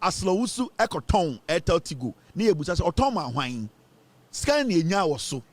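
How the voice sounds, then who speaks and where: A man's voice: sits high, very animated, brisk. A Ghanaian man hosting a political commentary show, ranting and mocking as he switches between English and Twi.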